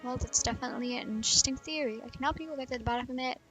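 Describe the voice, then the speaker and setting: A woman voicing a world-weary male detective in a game read-aloud, gruff and lower than her own voice. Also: rapid-fire, fairly bright tone, faint music behind.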